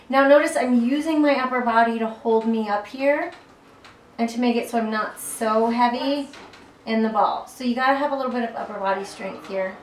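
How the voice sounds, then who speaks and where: A woman from South Carolina with a faint Southern accent, chatting playfully as she leads a floor stretching workout while rolling on a tennis ball. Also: fairly high pitch. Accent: faint Southern American, mostly lost. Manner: chatty and playful, breaks off to chat mid-exercise. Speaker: fitness instructor. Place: echoey room, away from the mic. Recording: roomy echo, distant mic, faint hiss.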